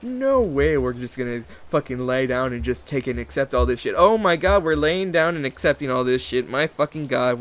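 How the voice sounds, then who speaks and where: A man's voice: medium pitch, animated, moderate pace, few pauses. A man hosting his own channel, rambling through a sarcastic, profanity-heavy rant and mocking other people's voices. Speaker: channel host. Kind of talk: rambling ranting monologue.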